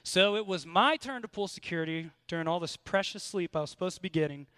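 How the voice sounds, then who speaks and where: American male preacher, high voice, close dry sound, earnest storyteller. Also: fast, fairly bright tone, clear, resonant tone, no echo. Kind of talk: sermon with personal story.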